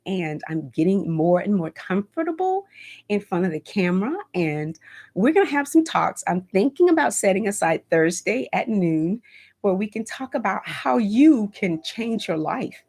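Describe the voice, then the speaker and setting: A woman's voice: on the low side, slightly rough. A woman in her fifties hosting a home decor channel, chatting casually on a livestream, emotional and encouraging, speaking of her faith and thanking viewers by name. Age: 50s. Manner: warm, emotional, reads viewer comments; faith-filled encouraging talk.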